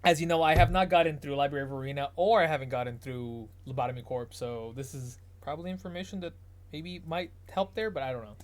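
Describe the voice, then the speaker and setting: A man's voice: fairly high pitch, fast. A man casually commenting on his gameplay, playful and laughing often as he reads the story aloud. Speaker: streamer. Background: faint background music.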